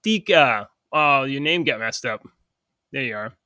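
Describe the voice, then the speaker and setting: A man's voice: mid-range voice, animated, a little slow, pushed and bright, dry recording, studio quality. A man hosting a podcast, upbeat and rambling in casual chat with lots of fillers. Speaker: podcast host.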